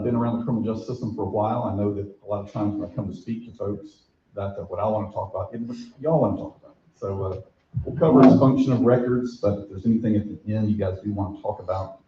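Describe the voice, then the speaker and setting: A man who is a judge, giving a relaxed, conversational talk to a community audience and inviting questions. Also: fairly low pitch, slight background noise. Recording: echoey, dull room recording.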